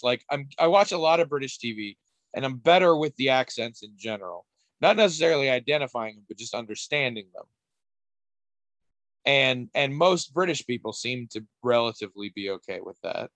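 Male co-host, mid pitch, dry close sound, rambling wry chat with restarts. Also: lively intonation, moderate pace, fairly bright tone, no echo. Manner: rambling, self-interrupting, wry, swears casually. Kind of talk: casual chat.

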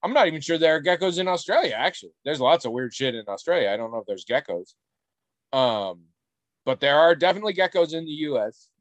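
A man co-hosting a podcast in casual chat, rambling and animated and swearing casually. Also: a little high, fast talker, no room sound. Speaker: podcast co-host.

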